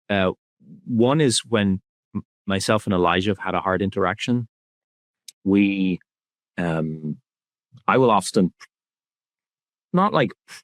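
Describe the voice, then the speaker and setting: A man speaking as a podcast guest, talking in a soft, reflective and candid way in a relaxed conversation. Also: low-pitched, no room sound.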